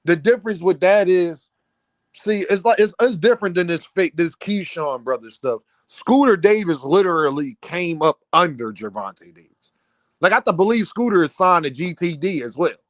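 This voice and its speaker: A man hosting a casual boxing commentary stream, heated and animated, often repeating himself and breaking into near-shouts. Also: sits high, normal speed, no room sound. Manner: many restarts and repeated fillers.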